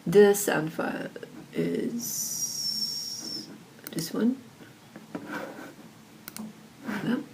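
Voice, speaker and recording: A woman explaining audio software in a casual tutorial, recorded on her laptop's built-in microphone, chatty with lots of fillers. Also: mid-range voice, sing-song, drawn-out words, a little hiss or hum. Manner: chatty, many fillers like "like" and "you know".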